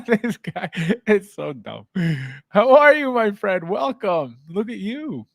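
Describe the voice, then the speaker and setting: Male livestream host, casual chat, high and very lively voice, greets viewers and laughs often, dry close sound. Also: slow pace, creaky, no echo.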